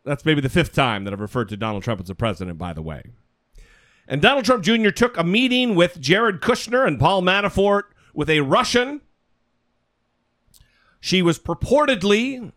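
Male podcast co-host, high and animated, casual and chatty with loose swearing. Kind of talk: casual political podcast chat. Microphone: studio mic.

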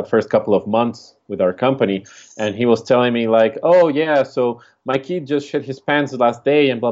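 A man's voice: fairly low pitch, a little mellow. A man from Chile with a Chilean Spanish accent, co-hosting a casual chat, reflective and rambling with lots of fillers. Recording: dull lo-fi recording.

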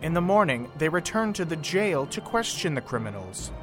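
A man narrating a scripted recap with a dramatic storybook flair. His pitch sits a bit high and swings widely. Clear music plays beneath him. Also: very animated, normal speed.

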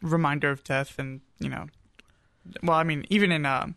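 A man's voice: on the high side, fairly even intonation, moderate pace, gravelly, a bit bright, no echo, clean studio sound. A man co-hosting a radio talk show, chatting casually with a joking manner and plenty of hesitant fillers. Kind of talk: casual chat.

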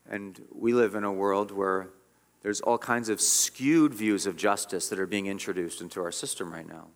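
A man's voice: a little high, fairly bright tone. A man preaching a sermon as pastor, earnest and emphatic, often repeating and restarting his words.

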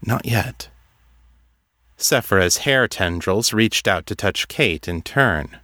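A man narrates a fantasy serial in a measured, even storytelling voice. He reads slowly, with a somewhat low pitch. The recording is close and dry, with no room sound. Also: no echo. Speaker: audiobook narrator. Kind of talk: scripted narration.

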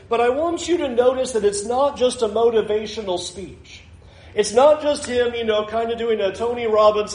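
High-voiced man preaching in an echoey room. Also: normal speed. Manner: expressive, acts out quoted scripture and voices. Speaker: pastor. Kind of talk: sermon.

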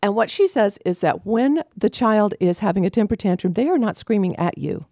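A woman's voice: mid-range voice, lively intonation, a little fast, warm tone, dry recording, clean studio sound. A woman family life coach giving parenting advice in a confident, emphatic way. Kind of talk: casual parenting advice chat.

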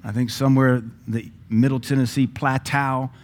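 Lively joking male pastor preaching. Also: medium pitch, normal speed. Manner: lively, joking, bursts into praying in tongues. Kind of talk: sermon teaching.

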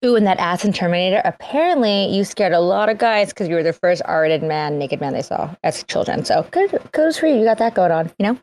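A woman's voice: fairly low pitch, lively intonation, brisk, hardly any pauses, darkish tone. A woman comedian telling bawdy jokes in a casual online audio chat. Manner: bawdy, brash, joking. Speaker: comedian guest.

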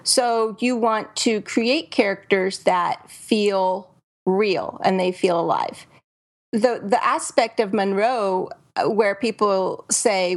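A woman's voice: mid-range voice, takes it slowly. Chatty woman podcast host. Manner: chatty, laughs easily, many fillers. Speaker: podcast host and thriller author. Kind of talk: casual podcast chat.

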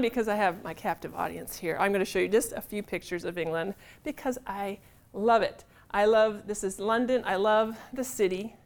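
A middle-aged woman author, giving a chatty, animated talk to a live audience in a room. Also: medium pitch. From United States. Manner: chatty, animated, self-deprecating humor.

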